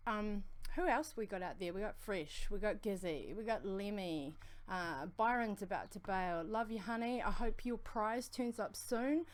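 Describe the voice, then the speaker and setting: A woman with a strong New Zealand accent co-hosting a livestream, talking fast in a rambling, friendly way. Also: medium pitch. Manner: fast, rambling, affectionate shout-outs. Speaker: co-host of a vaping livestream. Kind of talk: casual livestream chat.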